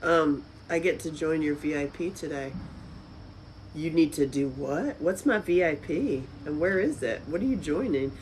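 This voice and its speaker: A woman hosting a live stream from a friend's house, chatting casually with viewers, with loud exclamations and soft asides. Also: low voice, normal speed, a little hiss or hum, rough recording.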